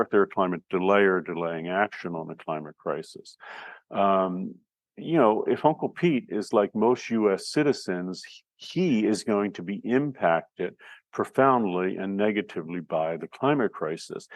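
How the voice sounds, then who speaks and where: Deep-voiced man lecturing, loose and conversational. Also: no echo. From United States. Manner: conversational, thinking aloud with fillers and restarts. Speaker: instructor. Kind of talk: recorded lecture.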